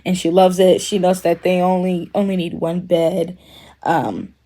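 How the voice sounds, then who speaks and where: A young woman hosting a commentary video recaps a TV series in a loose, chatty way, full of "like" and "um." Her voice is on the low side and warm, her delivery flat and her pace measured, and she breaks into laughter while mock-quoting the characters.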